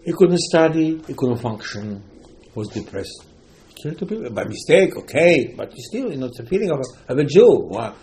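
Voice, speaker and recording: A man's voice: medium pitch, sing-song, moderate pace, darkish tone, slight background noise, low-quality recording. A man giving an informal religious talk, telling a story with many repetitions and emphatic rising outbursts. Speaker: religious teacher.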